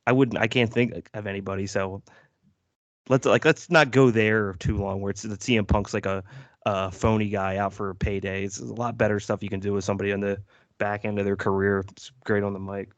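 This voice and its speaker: Low-voiced man giving blunt opinions. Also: flat delivery, dry recording, dull audio. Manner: opinionated, profane, halting with restarts. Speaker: podcast co-host. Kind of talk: casual wrestling podcast chat.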